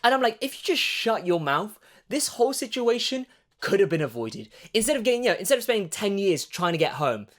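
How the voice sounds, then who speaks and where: A man's voice: sits high, sing-song, fairly quick, fairly bright tone. A man hosting his own channel, chatting in a rambling way with wry asides. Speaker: vlog host. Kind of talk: casual monologue.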